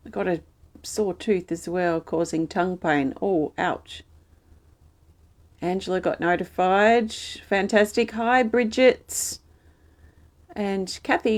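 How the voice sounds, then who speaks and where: A woman hosting a live healing stream, reading out viewers' comments and answering them in a gentle, soothing, reassuring way. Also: medium pitch. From Australia.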